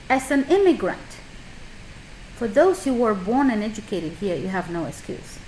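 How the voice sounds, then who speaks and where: Middle-aged woman, skincare business owner, emphatic storyteller, medium pitch, faint background hum. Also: low-quality recording. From a communist country. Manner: animated, emphatic, slightly non-native grammar. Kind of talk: casual storytelling advice.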